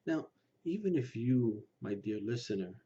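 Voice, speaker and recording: A man speaking earnestly to his listeners, pressing his points and sometimes dropping to a hushed near-whisper. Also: medium pitch, animated, moderate pace, breathy edge. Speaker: Lukumi practitioner speaking to his channel. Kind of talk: personal commentary to camera. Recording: slightly dull recording with faint background noise.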